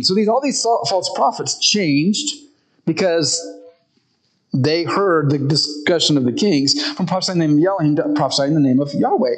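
A man preaching a conversational sermon, retelling a story in a relaxed way and often restarting his sentences. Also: on the high side, moderate pace, low-quality recording.

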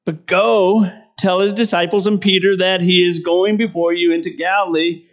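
A man's voice: sits high, steady tone, moderate pace, dull audio. A middle-aged man preaching a sermon in a conversational way, often asking "right?" and laughing between points.

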